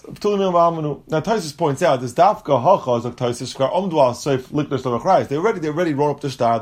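Explaining a Talmud passage one step at a time, this man blends English with Hebrew and Aramaic terminology. His delivery is lively, leaping in pitch whenever he voices a quotation.

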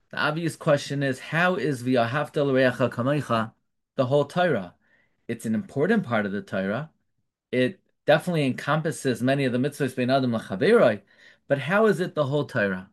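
A man's voice: medium pitch, expressive, fairly quick. A man giving a Torah lecture, translating Hebrew phrases and firing off rhetorical questions. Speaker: rabbi teaching Torah class.

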